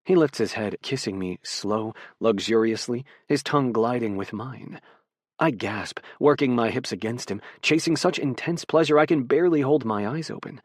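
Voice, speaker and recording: Soft-spoken man narrating intimately. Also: medium pitch, no room sound, studio quality. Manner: soft, intimate, unhurried reading. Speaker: audiobook narrator. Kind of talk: first-person romance narration.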